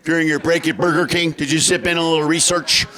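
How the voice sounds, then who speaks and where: High-energy stand-up comedian, a man. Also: little pitch movement, fast. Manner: high-energy, shouting punchlines, acting out other people. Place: theater stage before a laughing audience.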